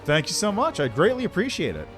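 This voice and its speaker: A man's voice: high voice, huge pitch swings, fast, fairly bright tone, soft background music. A man streaming a game, chatting casually and reading the story aloud.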